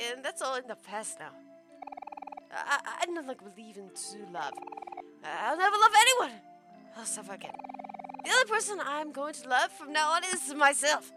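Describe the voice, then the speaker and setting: A woman's voice: sits high, pitched above the performer's own voice. A woman voicing a vain, theatrical princess boss in a put-on mixed German and French accent, with pompous, grandiose delivery. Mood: dramatic. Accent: put-on mix of German and French. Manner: pompous, grandiose, self-adoring declarations. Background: game music.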